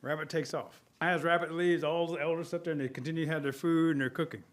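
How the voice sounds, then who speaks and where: A man narrating a traditional folk tale in an animated, folksy way. His voice sits slightly high for a man. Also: fast. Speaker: storyteller. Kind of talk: traditional storytelling.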